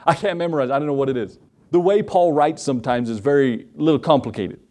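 A man's voice: fairly high pitch, quick pace. A middle-aged man preaching a sermon, telling stories in a folksy way and acting out the quotes while he talks straight to the congregation. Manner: animated storytelling with acted-out quotes; folksy, addresses the congregation directly. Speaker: pastor.

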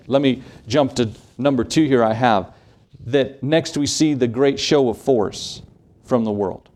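This is a man's sermon, delivered emphatically from the pulpit at a measured pace. His voice is mid-pitched with a darkish tone, and he keeps leaning on rhetorical questions to press his arguments.

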